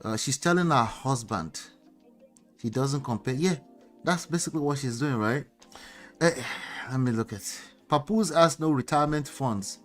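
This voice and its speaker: With faint music behind him, a mid-range-voiced man at a normal pace hosts a commentary show. He reads chat comments aloud and reacts to celebrity clips by firing off animated, incredulous questions.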